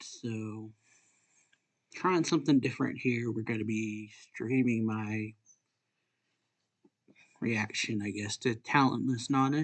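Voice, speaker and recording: Casual young male streamer, comic read-along, mid pitch. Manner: casual, with fillers and self-corrections. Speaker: streamer reading a comic aloud. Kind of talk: live-stream reading and reaction.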